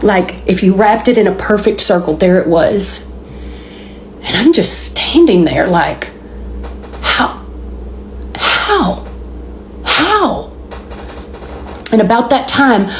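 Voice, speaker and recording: A woman's voice: medium pitch, a little mellow, a little hiss or hum. Southern lady telling her story, lots of stops and restarts, echoey room. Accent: Southern American. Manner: storytelling, repeats and restarts words, dramatic pauses. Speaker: speaker sharing a testimony. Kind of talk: emotional personal testimony. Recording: roomy echoey recording.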